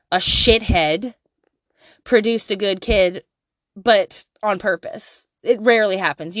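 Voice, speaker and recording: This candid monologue features a woman in her thirties, a mother, giving blunt parenting advice peppered with profanity. She laughs often and swings from quiet to loud. Her lowish voice comes through in a dry, studio-quality recording.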